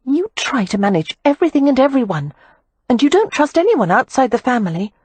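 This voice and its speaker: A woman's voice: high voice, sing-song, brisk, darkish tone, slightly rough, no echo, voice pushed up, full character voice. A woman voicing a frank, outspoken young woman who talks in a blunt, exasperated way in an audiobook. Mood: glum teasing.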